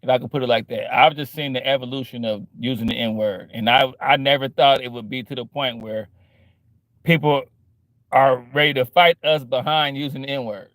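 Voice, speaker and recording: A man's voice: medium pitch, steady tone, normal speed, fairly bright tone, no room sound. A man in his forties talking straight to camera in a casual, profane rant, repeating "man" and "bro" as he makes his points. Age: 40s. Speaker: vlogger. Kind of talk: casual monologue.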